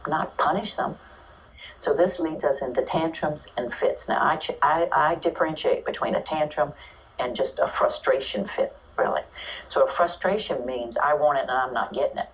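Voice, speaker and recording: Brief: deep-voiced woman educator, chatty talk recorded from across the room. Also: far from the mic, poor audio. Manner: lively, acts out children's and teachers' voices. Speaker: early childhood educator giving a talk. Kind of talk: informal teaching talk.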